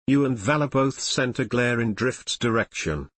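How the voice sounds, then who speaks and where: A man reading fan fiction aloud as a story narrator in an animated storytelling manner. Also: mid-range voice, moderate pace, no echo. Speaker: reader.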